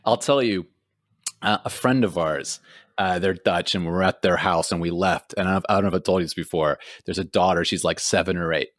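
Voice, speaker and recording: A man's voice: low voice, a little fast, dry recording, studio quality. A man from Houston co-hosting a casual podcast, telling stories with lots of laughter and acted-out quotes. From Houston, Texas. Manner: animated storytelling, laughs often, acts out quotes. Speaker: podcast co-host. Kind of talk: casual chat. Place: lives in Amsterdam, talking remotely.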